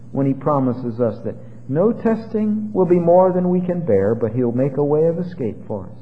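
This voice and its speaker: A man preaching a sermon as pastor, swinging dramatically between loud exclamations and hushed asides. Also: fairly high pitch, slight background noise. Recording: tinny phone-like sound with long hall reverb.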